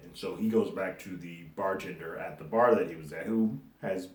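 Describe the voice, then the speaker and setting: A man's voice: deep voice, normal speed, few pauses, a little mellow. A man giving a loose, conversational recap of a TV episode, chuckling now and then as he talks it through. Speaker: movie and TV reviewer. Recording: roomy echo.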